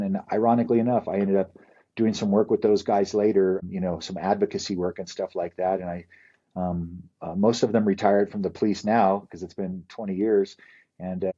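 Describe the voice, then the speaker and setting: Gruff, profane man telling stories. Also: sits low, dark tone, dull audio. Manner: candid, profane, rambling storyteller. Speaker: podcast guest. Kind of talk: casual storytelling interview.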